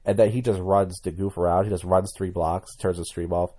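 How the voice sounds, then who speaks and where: Man, low pitch, mellow dark tone, blunt rambling vlog commentary. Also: fairly even intonation, brisk. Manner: rambling, blunt, many restarts. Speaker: YouTuber.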